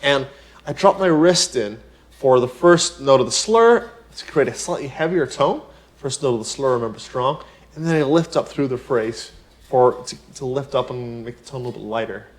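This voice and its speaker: A man's voice: medium pitch, moderate pace. Chatty male piano teacher. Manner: chatty, many "you know" asides and rhetorical "isn't it?"; explains with everyday examples. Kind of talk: casual spoken tutorial.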